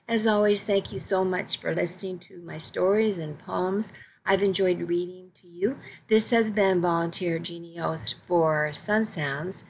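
A woman volunteer reading magazine stories and poems aloud on the radio, careful and unhurried, with small slips she corrects. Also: fairly low pitch, a little hiss or hum, low-quality recording.

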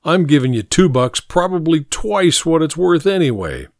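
A man's voice: fairly high pitch, sing-song, moderate pace, no echo, clean studio sound, voice pushed up. A man reading a story aloud, voicing a big, sneering city man who is curt and impatient.

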